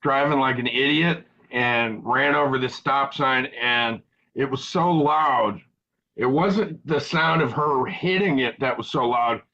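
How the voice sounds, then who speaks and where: A man's voice: mid-range voice, a little slow, bright, forceful tone, lo-fi sound. A man hosting a live web show in casual chat, rambling and joking with crude humor. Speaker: show host.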